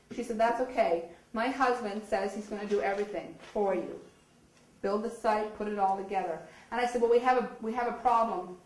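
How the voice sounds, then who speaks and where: A woman from Nova Scotia tells an audience her story, acting out the dialogue with laughter. Her voice sits somewhat high. The hall around her is roomy and echoey. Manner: animated, acts out quoted dialogue with laughs. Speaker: speaker telling her story.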